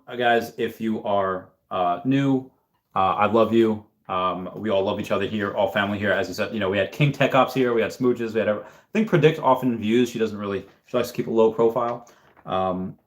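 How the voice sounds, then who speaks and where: A man hosting a casual livestream, talking in a rambling, halting way with many restarts and fillers. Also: fairly low pitch. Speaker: livestream host.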